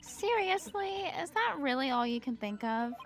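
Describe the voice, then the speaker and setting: A woman's voice: sits high, big pitch swings, normal speed, a bit bright, faint music behind, exaggerated voice. A woman voicing an upbeat young female lawyer assistant in a fan voice acting of a game, sweet and teasing.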